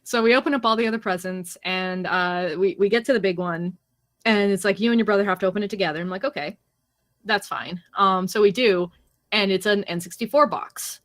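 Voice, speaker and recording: A woman's voice: medium pitch, brisk, a bit bright. Laughing, rambling young woman storyteller. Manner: rambling storyteller, laughs often, snarky asides. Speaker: podcast co-host. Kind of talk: casual chat.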